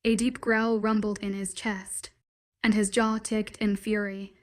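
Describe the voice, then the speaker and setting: A woman narrating a first-person romance story in an even, steady storytelling manner. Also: medium pitch, measured pace.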